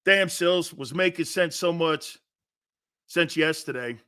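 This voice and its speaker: A man with an East Coast American accent hosting a sports talk show, ranting loudly with profanity and frequent shouting. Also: a little high, slow pace, clear, resonant tone. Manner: loud, profane, often shouting.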